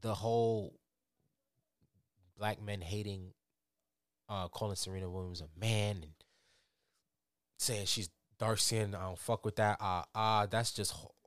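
Low-voiced young man, casual swearing chat. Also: a little slow, pauses often, smooth, no room sound, clean studio sound. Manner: animated, swears freely, many fillers.

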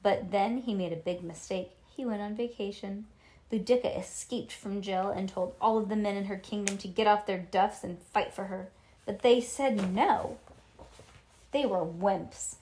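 A woman reading a children's book aloud to a child, lively and animated, with little asides. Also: medium pitch, a little slow, a little hiss or hum.

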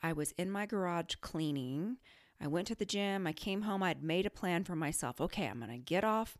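A middle-aged woman hosting a podcast, telling a story in a casual, animated way, often laughing and quoting her own self-talk. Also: on the low side, normal speed, no room sound, studio quality. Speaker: podcast host.

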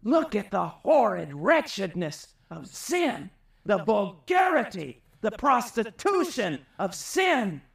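A man preaching a sermon with passion, climbing high and loud to drive home his points. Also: big pitch swings, takes it slowly, creaky, distant mic. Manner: impassioned, rises high and loud for emphasis.

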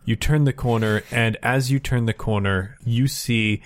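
A man's voice: medium pitch, a little slow, no echo. Laid-back male game master narrating. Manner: relaxed, with filler-laden descriptions. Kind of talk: narrating a tabletop horror game.

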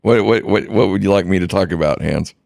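A man co-hosting a sports radio show, talking in a halting, casual way with many restarts. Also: low-pitched, creaky, a little mellow, no echo, studio quality.

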